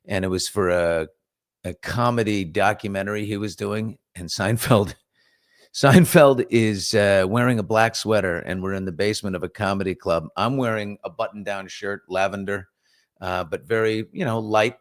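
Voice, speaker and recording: A middle-aged man with a New York accent hosts a casual morning show, reading viewer comments and telling stories. His voice sits on the lower side, and he talks in an animated, chatty way. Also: moderate pace, no room sound, studio quality. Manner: animated storyteller, reads viewer comments aloud. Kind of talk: casual storytelling chat.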